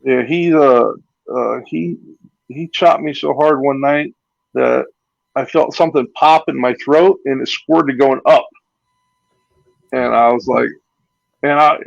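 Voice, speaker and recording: A man's voice: on the high side, vocal fry, no echo, lo-fi sound. A man, a former pro wrestler, telling rambling anecdotes and acting out what others said. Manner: rambling anecdotes with acted-out quotes and laughs. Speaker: retired pro wrestler, guest. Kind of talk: casual storytelling interview.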